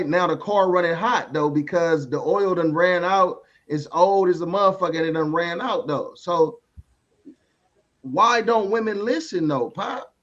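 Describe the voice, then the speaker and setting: A man's voice: high-pitched, fairly bright tone, dull audio. A man co-hosting a podcast, talking loosely in slangy casual chat and tagging "though" onto his lines. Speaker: podcast co-host.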